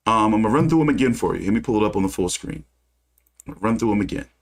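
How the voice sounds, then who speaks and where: A man's voice: fairly low pitch, lively intonation, quick pace. A man hosting a casual boxing livestream, reading news aloud and breaking into heated, profane rants. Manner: reads news aloud then rants with cursing. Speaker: boxing channel host.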